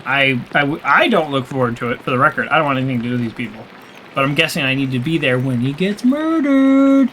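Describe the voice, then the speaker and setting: A man's voice: medium pitch, animated, fast, fairly bright tone, a little hiss or hum, rough recording. A man giving casual, self-mocking commentary while playing a story game, stumbling over hard words, his voice a little strained. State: slightly strained voice. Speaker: let's play streamer.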